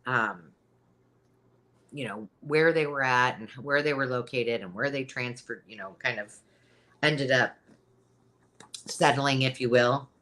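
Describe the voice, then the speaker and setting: A woman's voice: extremely low pitch, a little slow, long pauses, fairly bright tone. A middle-aged woman hosting a live sale, talking in a rambling, chatty way with frequent ums. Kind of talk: casual live-stream selling chat.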